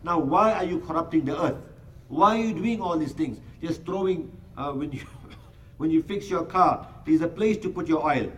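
A man's voice: fairly high pitch, moderate pace, distant mic, a little hiss or hum, poor audio. A man giving a sermon that explains Quran verses, speaking rhetorically, acting out everyday scenes and reciting Arabic verses. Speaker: Islamic preacher.

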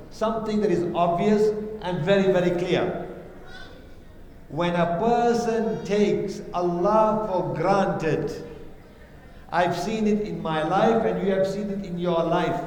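High-voiced preacher man in echoing hall. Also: darkish tone, a little hiss or hum. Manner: emphatic, repeats key lines. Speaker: imam. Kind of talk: Friday sermon. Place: large mosque hall. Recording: echoey hall reverb.

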